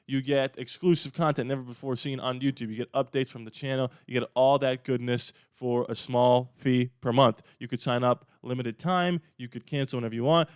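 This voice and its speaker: A man's voice: mid-range voice, clean tone, dry recording, clean studio sound. A man hosting his own sports channel, giving casual, emphatic opinion commentary in a conversational way. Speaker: YouTube sports channel host.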